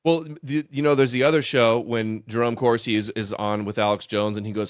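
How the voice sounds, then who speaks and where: A man hosting a casual political chat show, measured and a bit hesitant, repeating words as he thinks. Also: lowish voice, fairly even intonation, smooth, no echo, studio quality. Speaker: podcast host.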